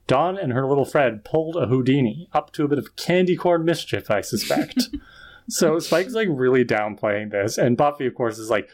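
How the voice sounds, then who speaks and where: A man co-hosts a podcast and walks through episode scenes in easy, casual chat. He sounds thoughtful and hedges his opinions, with the odd sigh. His voice sits at an ordinary middle pitch. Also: animated, moderate pace. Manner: thoughtful, hedging, sighs. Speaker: podcast co-host.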